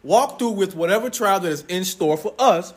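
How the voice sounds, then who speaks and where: Lively, husky-voiced young preacher man. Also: high voice, moderate pace. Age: young adult. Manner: loud and playful, joking with the congregation. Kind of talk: lively sermon to a congregation.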